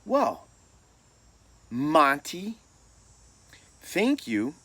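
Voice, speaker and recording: A man doing a brusque high-pitched coach. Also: huge pitch swings, drawn-out words, bright, forceful tone, husky, no room sound, heavily acted. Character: middle-aged male football coach, brusque.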